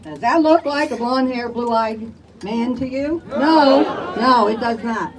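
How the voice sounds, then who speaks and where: A woman's voice: fairly high pitch, measured pace, distant mic, background noise. An older woman from Chicago, speaking emphatically to a crowd at an outdoor community rally. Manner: emphatic, rallies the crowd with "all right?". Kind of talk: impassioned public testimony.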